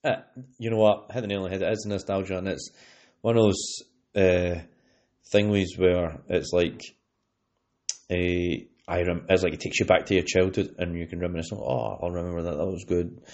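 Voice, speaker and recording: A man's voice: deep voice, flat delivery, moderate pace, a little mellow. A young Scottish man hosting a casual podcast, rambling and leaning on fillers as he talks. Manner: rambling, with many "you know what I mean" fillers. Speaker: podcast host. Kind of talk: casual chat. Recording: lo-fi podcast recording.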